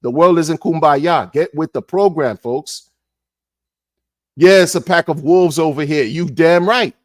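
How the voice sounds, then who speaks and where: Sarcastic, animated man ranting. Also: on the high side, measured pace, dry recording, clean studio sound. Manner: animated, sarcastic, repeats words, laughs often. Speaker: crypto commentator. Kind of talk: casual monologue commentary.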